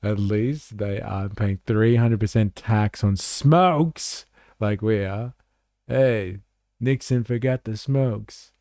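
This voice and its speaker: A man's voice: fairly low pitch, slow, dark tone, dry recording, clean studio sound. A man hosting a casual livestream, chatting back to comments and saying "like" a lot. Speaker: livestream host.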